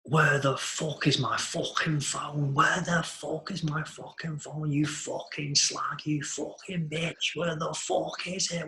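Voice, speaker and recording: A man acting out a furious young neighbour who swears and shouts about his missing phone. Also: sits high, pitched above the performer's own voice, heavily acted. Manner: swearing, shouting, repeating himself. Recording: roomy echo.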